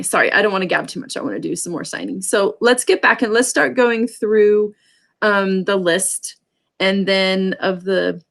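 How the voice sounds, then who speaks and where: A woman's voice: medium pitch, gravelly. A woman teaching a sign language class online, explaining casually with many fillers and restarts over a computer mic.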